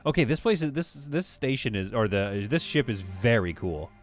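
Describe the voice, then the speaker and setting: Man, casual stream chatter, mid pitch, faint background music. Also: animated, normal speed. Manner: chatty, rambling, reads chat aloud. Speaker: game streamer. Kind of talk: casual live-stream commentary.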